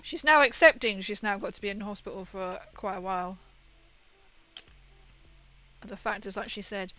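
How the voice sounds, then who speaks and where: A woman's voice: medium pitch, moderate pace, long pauses, pushed and bright. Chatty woman on a lo-fi stream. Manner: chatty, rambling, laughs often. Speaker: livestreamer building a model kit. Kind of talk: casual chat while building. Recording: dull lo-fi stream audio.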